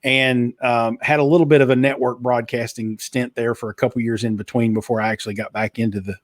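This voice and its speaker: Middle-aged male guest, slight Kentucky twang, polished radio-trained delivery, mid pitch, dry close sound. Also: flat delivery, a little fast, dry recording. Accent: slight Eastern Kentucky twang. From Eastern Kentucky. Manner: fluent, polished broadcaster delivery with frequent restarts. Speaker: guest, author and former radio DJ. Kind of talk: casual interview conversation.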